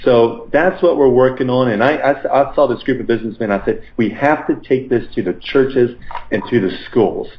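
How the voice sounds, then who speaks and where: A man's voice: medium pitch, moderate pace. A man as a podcast guest, earnestly retelling his experiences in a conversational interview, with frequent fillers. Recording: roomy, slightly dull recording.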